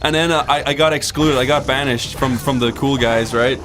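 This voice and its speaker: A man casually telling rambling anecdotes while playing a video game, often jumping into shrill voices for the people he quotes. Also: fairly even intonation, a little fast. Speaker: co-host of a gaming show. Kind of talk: casual storytelling over gameplay.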